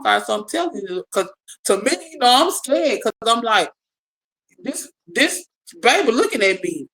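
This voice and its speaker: A speaker telling a personal story to a small group in casual talk, animated, repeating and restarting words and acting out the dialogue. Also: medium pitch, measured pace, low-quality recording.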